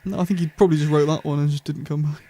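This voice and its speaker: A young man with a slightly raised voice, chatting eagerly on a fan podcast. He talks in quick bursts and laughs often. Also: fairly high pitch, steady tone, dark tone. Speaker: podcast host. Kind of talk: casual fan podcast chat.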